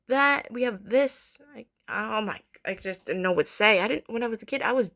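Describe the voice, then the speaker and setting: A woman's voice: fairly high pitch, moderate pace. Gushing young woman reviewing a cartoon. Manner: gushing, excitable, repeats herself. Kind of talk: casual review chat.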